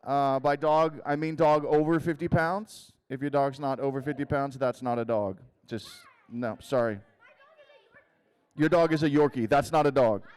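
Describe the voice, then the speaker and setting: A man giving a comedic youth sermon, teasing the crowd with quick questions and telling a rambling story full of fillers. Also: mid-range voice, steady tone, darkish tone, clean tone. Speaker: youth speaker. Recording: long hall reverb.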